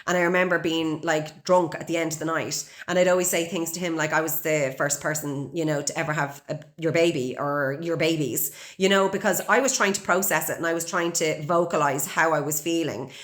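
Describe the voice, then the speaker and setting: A woman's voice: sits low, steady tone, fairly quick, few pauses. An Irish woman in her forties, hosting a podcast and telling a raw personal story bluntly, with heavy swearing and open emotion. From Ireland. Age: 40s. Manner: blunt and heavily profane. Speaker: podcast host.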